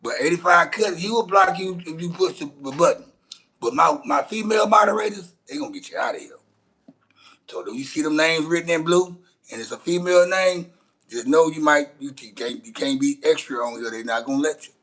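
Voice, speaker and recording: Man, husky voice, a bit high, blunt and profane, rambling livestream rant. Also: lively intonation, fairly quick, sharp tone, poor audio. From Shreveport, Louisiana, USA. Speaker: livestream host.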